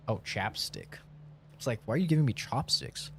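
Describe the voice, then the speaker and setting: A man's voice: medium pitch, lively intonation, normal speed, fairly bright tone, slight background noise. A man in his twenties chatting casually on a live stream, boastful and profane in his banter.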